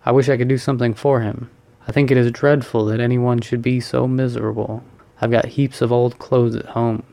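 A man reading a storybook, voicing an earnest, unlucky young gentleman who speaks with pleading sincerity. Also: mid-range voice, flat delivery, a little fast, gravelly, close to an everyday voice. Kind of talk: audiobook reading.

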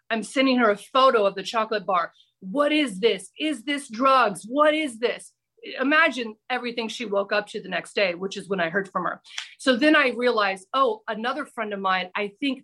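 A middle-aged woman, a former TV news reporter, telling a personal story on a podcast with animated, dramatic delivery. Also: on the high side. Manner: animated, breathless anecdote-telling with dramatic pauses. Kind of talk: casual storytelling.

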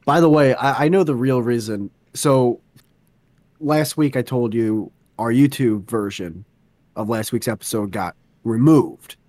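A man co-hosting a podcast in casual chat, telling stories in an animated way and swearing freely. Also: mid-range voice, measured pace, no room sound. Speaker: podcast co-host.

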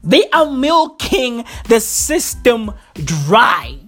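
A woman ranting profanely into a microphone, full of slang, swearing and loud laughter at her own jokes. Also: a little high, very animated, extremely slow, breathy edge, faint music behind. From South Africa.

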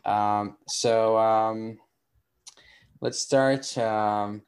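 A man's voice: fairly low pitch, fairly even intonation, drawn-out words. A man hosting a podcast, introducing and interviewing a guest in a loose, rambling, chatty way. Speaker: podcast host. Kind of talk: casual interview chat.

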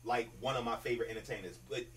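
Fast-talking man a little off-mic. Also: medium pitch, steady tone, a bit bright, recorded from a distance. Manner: quick, opinionated riffing with emphatic asides. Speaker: podcast co-host. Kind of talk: casual chat.

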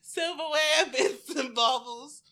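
A man's voice: very high voice, slow pace, bright, forceful tone. A man co-hosting a podcast in casual chat, giggly and profane, often breaking into laughter. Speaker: podcast co-host.

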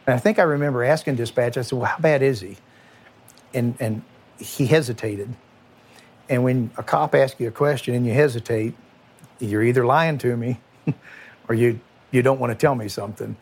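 Halting former police chief man. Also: mid-range voice, husky. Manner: halting, repeats words, emotional. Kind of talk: emotional recounting interview.

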